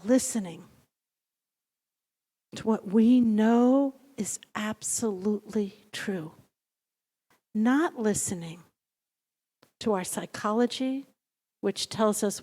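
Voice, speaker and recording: A middle-aged woman rabbi giving a storytelling sermon in a synagogue, speaking slowly and in a measured way and sometimes dropping to a near-whisper. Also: medium pitch. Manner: acts out the dialogue of her story; slow, measured teaching with soft near-whispers. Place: synagogue sanctuary. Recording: long reverb of a large hall.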